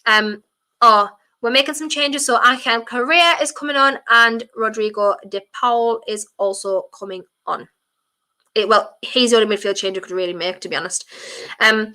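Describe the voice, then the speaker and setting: Woman doing a footy watchalong stream, bright punchy voice, chatty and blunt, yells at fouls. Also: fairly high pitch. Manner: passionate, blunt, chatty opinions; bursts into shouting at fouls. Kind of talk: live match commentary and fan chat.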